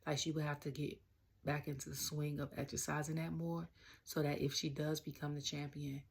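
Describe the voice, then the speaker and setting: A woman's voice: deep voice, little pitch movement, moderate pace, breathy edge. A young woman with a Southern US accent, rambling casually through a wrestling review, full of slang and filler. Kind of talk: casual rant-style review.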